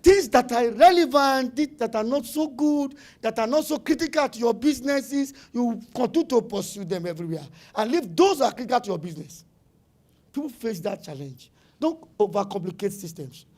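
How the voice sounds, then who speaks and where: A middle-aged Nigerian man speaking at a business summit in a high, bright voice. He talks emphatically and hammers his points by repeating words. Now and then he slips into pidgin phrases. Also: animated, brisk. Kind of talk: animated conference talk.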